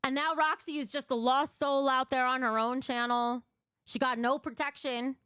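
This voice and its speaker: Brief: young woman streamer, fairly high smooth voice, blunt and emotional, reads and answers chat live, swears a lot. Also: steady tone, normal speed, bright, forceful tone, dry recording, clean studio sound. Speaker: livestream host. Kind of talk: casual livestream chat.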